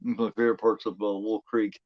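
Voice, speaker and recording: A man's voice: on the low side, little pitch movement, quick pace, no echo, muffled recording. A man hosting a horror film watch-along, chatting in a rambling, profane way, full of "you know" fillers. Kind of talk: casual live commentary.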